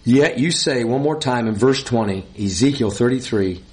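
Guy preaching, mid-pitched voice, emphatic, repeats himself, little laughs. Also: moderate pace, darkish tone. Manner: emphatic, laughs between points, repeats words. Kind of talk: sermon.

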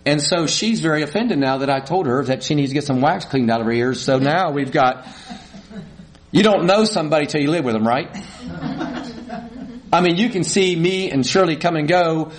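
A man's voice: on the high side, moderate pace. A middle-aged male pastor gives a conversational sermon, asks the congregation questions and acts out small quarrels.

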